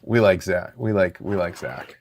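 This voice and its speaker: A man in his thirties hosting a live card break stream, chatting excitedly with viewers in the chat. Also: low voice, normal speed, a little hiss or hum.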